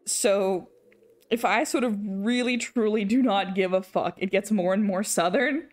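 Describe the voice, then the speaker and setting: An unhurried, medium-pitched young woman with an English accent chats casually while drawing on an art stream. She rambles, restarts her sentences, laughs frequently and swears from time to time.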